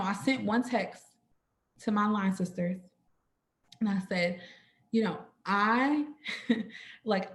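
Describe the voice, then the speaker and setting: A young woman telling a personal story to an audience at a sorority orientation, expressive, often stopping to ask "right?" and calling the listeners "y'all.". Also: mid-range voice. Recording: echoey room.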